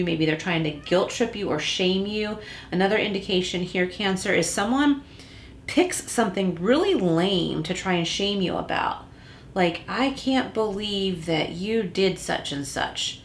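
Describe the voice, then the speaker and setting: A woman with a lowish voice gives a tarot reading and speaks straight to the listener in a reassuring way. Her voice bounces around an echoey room at home. A faint rumble hums underneath. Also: normal speed. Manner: reassuring, addresses the listener directly. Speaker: tarot reader. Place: room at home with a closed door.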